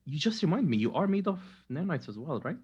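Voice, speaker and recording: Casting: a husky, lively-voiced man who jokes and rambles as a tabletop game player. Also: a little high, quick pace, highs cut off. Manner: joking, rambling, self-deprecating. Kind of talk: casual table chat.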